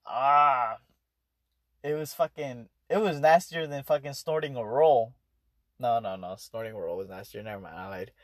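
A man's voice: medium pitch, brisk, a little mellow, no room sound, studio quality. A young adult man telling a story in a rambling, casual way, swearing often and restarting his sentences. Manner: profane, rambling, full of fillers and restarts. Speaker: vlogger.

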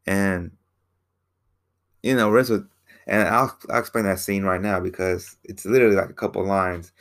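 A man's voice: deep voice, fairly even intonation, normal speed. A man casually recapping a film in a rambling way, repeating himself and using lots of fillers. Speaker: film reviewer.

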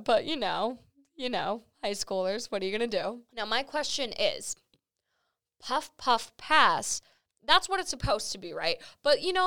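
A woman's voice: a little high, a bit bright, smooth, no echo. A young woman hosting a podcast, chatting casually with giggles and swearing. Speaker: podcast host. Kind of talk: casual chat. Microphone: studio microphone.

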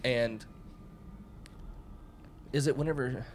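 A man's voice: mid-range voice, steady tone, slow, slight background noise. A young man co-hosting a casual movie review chat, laughing often and acting out lines from the film. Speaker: podcast co-host.

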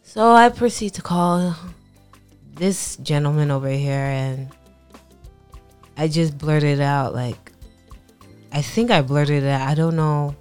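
A young woman with a low, smooth voice tells her own story slowly. She halts and pauses often, tender and emotionally raw. Faint music plays behind her. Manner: halting, soft-spoken, many pauses and fillers. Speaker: podcast co-host. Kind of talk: personal storytelling.

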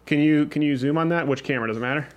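A man's voice: on the high side, rapid-fire, lo-fi sound. A man hosting a casual studio show, joking and rambling with frequent restarts. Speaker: host.

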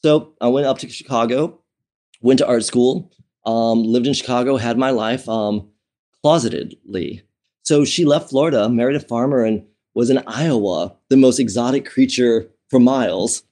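A man at an ordinary middle pitch tells a personal story to an interviewer. He talks in a chatty, candid way, restarting sentences and padding them with fillers. He laughs easily as he goes. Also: normal speed, dark tone. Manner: laughs often while telling. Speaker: interview guest.

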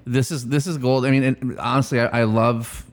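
A man's voice: mid-range voice, steady tone, normal speed. A man hosting a casual podcast interview, asking questions in a playful, joking way. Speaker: podcast host.

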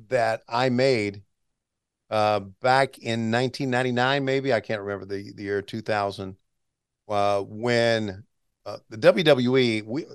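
A man's voice: fairly low pitch, clear, resonant tone, no room sound, clean studio sound. A man in his sixties, a veteran announcer, chatting as a guest and telling stories with restarts and chuckles. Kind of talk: casual interview storytelling.

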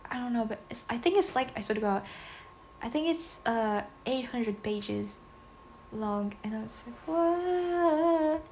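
Chatty, rambling woman with a high voice. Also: darkish tone, slight background noise. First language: not English. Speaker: podcast host. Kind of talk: casual solo podcast chat.

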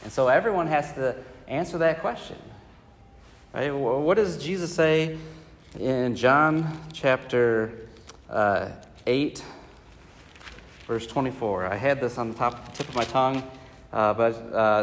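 A man's voice: medium pitch, measured pace, pauses often. A man teaching a Bible study class, talking conversationally with many fillers and putting questions to the group. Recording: reverberant hall.

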